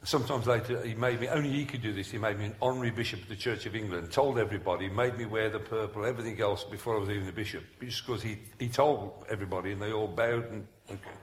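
A man's voice: fairly low pitch, fast, hardly any pauses, a little hiss or hum. A man preaching a humorous sermon in a large hall, telling stories with jokes and asides. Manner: animated storytelling, jokes and asides. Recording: echoey hall recording.

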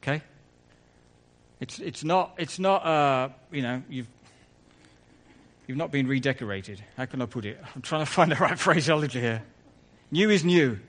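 A man's voice: mid-range voice, expressive, moderate pace, long pauses, a bit bright. A man preaching a conversational sermon in church, full of asides and self-corrections.

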